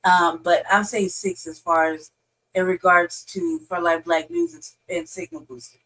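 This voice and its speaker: A woman's voice: fairly low pitch, expressive, a little slow, gravelly, fairly bright tone, rough recording. A woman co-hosting a podcast in casual chat, blunt and swearing freely, often restarting her sentences. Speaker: podcast co-host.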